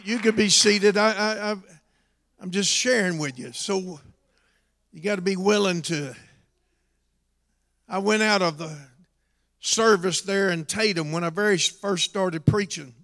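A middle-aged man preaching a storytelling sermon in a church, dropping to a quiet telling voice and rising to shouts. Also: high-pitched, measured pace, pauses often. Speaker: pastor. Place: church hall. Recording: long hall reverb.

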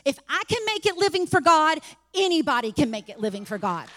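A woman preaching a sermon in a church, testifying and rising to fervent shouts. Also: sits high, very animated, a little fast, in a large hall. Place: church sanctuary.

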